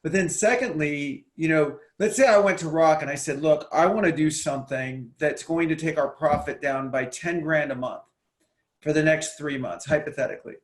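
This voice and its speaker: Male guest, operations chief, casual interview answers, slightly high voice, roomy sound, repeats words mid-thought. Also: moderate pace. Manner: thoughtful, repeats words while building a point. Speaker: COO and guest.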